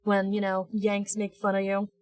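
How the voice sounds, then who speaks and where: Her delivery is completely flat, her medium-pitched voice darkish in tone, at a moderate pace and dry with no room sound. She's a young American woman drawing on stream, bantering playfully, rambling, backtracking, and teasing along the way.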